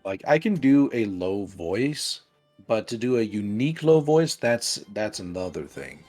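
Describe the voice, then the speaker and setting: A man chatting casually on a game stream, animated and quick to laugh, talking about his own storytelling. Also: lowish voice, soft background music.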